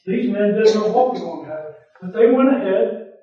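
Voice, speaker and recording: A man's voice: sits high, lively intonation, fairly quick. A man preaching a sermon, earnest and repeating his phrases for emphasis. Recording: echoey far-off church recording over a phone-like line.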